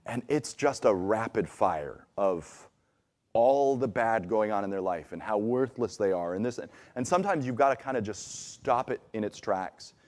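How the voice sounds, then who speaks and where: A man's voice: on the low side, animated, moderate pace, darkish tone. A man preaching a conversational sermon in a church, acting out the voices he quotes. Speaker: pastor. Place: church sanctuary.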